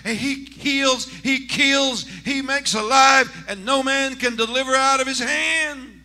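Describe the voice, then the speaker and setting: High, bright-voiced preaching man. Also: takes it slowly. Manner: preaching that swings between hushed talk and shouted exclamations. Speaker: senior pastor. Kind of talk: Pentecostal sermon. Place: church sanctuary.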